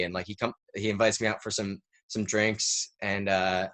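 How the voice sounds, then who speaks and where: Lower-voiced man telling a story. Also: moderate pace. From United States. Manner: rambling, animated storyteller who fills with "like". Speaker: podcast guest. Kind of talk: casual storytelling interview.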